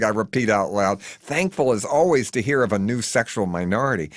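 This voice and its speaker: A man narrating his own memoir as an audiobook in an animated, comic storytelling manner. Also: lowish voice, normal speed, dry recording, clean studio sound.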